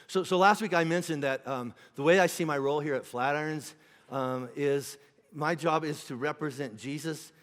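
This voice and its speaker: A man's voice: on the high side, moderate pace, fairly bright tone, long reverb tail. A middle-aged man preaching a sermon as pastor, in a conversational way, acting out quoted voices. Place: church auditorium.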